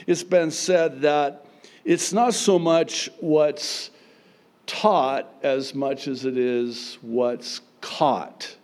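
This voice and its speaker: A middle-aged male pastor preaching a sermon, emphatic and humorous, with sudden loud outbursts. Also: a little high, steady tone, extremely slow.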